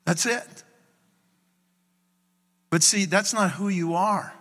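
High, bright-voiced man preaching in a hall. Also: slow. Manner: animated storytelling, acts out his own reactions. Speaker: pastor. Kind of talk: sermon. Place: church sanctuary.

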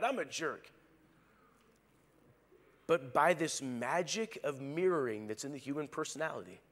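A male pastor preaching a sermon, animated, acting out quoted lines. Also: a little high, long reverb tail. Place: large church hall.

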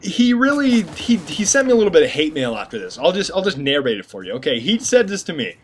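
A man giving casual gameplay commentary, joking and rambling with animated asides to his viewers. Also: on the high side, fast talker, a little hiss or hum.

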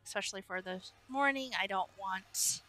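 A woman's voice: medium pitch, normal speed, sharp tone, faint music behind. A young woman hosting a gaming channel, chatting casually as she plays and cheerfully greets her game customers. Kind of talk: casual gameplay commentary.

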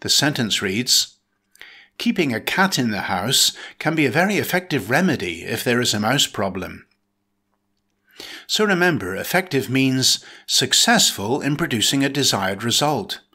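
A man reading a scripted vocabulary lesson, with clear and measured delivery. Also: medium pitch, sing-song, pushed and bright. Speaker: vocabulary teacher. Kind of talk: scripted dictionary narration.

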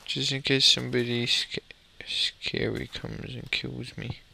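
A man's voice: mid-range voice, level tone, a little slow, vocal fry, pushed and bright, a little hiss or hum. A young man giving casual, rambling commentary while playing a building game, muttering to himself and swearing mildly. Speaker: gamer commentator.

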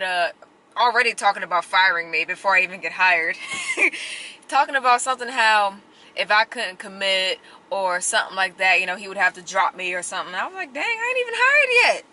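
Very bright-voiced young woman vlogging. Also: mid-range voice, brisk, poor audio. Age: young adult. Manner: chatty and expressive, addresses viewers as y'all. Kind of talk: casual vlog talk to camera. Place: inside a car. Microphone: handheld camera.

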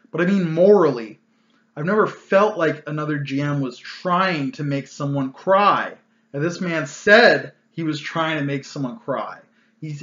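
Man, casual exasperated rant, bright voice, echoey room, lo-fi sound. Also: fairly high pitch. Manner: ranting, exasperated, loose with fillers. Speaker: channel host telling a gaming story. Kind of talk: casual storytelling vlog.

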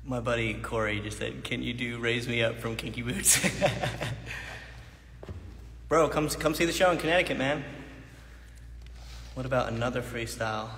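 A man's voice: medium pitch, fairly bright tone. A man in his thirties chatting casually on a phone livestream from a large dance studio, reading viewer questions and laughing often. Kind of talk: casual chat. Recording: echoey hall with faint noise.

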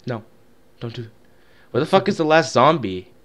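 A man's voice: mid-range voice, big pitch swings, normal speed, a bit bright. A man co-hosting a gaming video, laughing a lot and swearing as he mocks his own skills in casual banter over a headset. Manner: laughing often, profane, self-mocking. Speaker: gaming channel co-host.

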